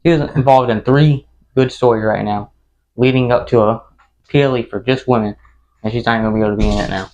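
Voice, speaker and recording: A young man co-hosting a podcast in casual chat, excitable and dropping "bro" often. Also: medium pitch, quick pace, dull audio, slight background noise. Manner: excitable, says "bro" a lot. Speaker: podcast co-host.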